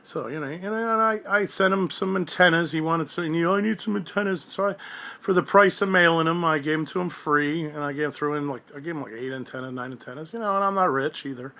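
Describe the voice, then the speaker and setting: A radio collector with a slightly high, bright, forceful voice launches into a brisk, angry monologue for a forum. He rambles at length and swears freely about someone who cheated him.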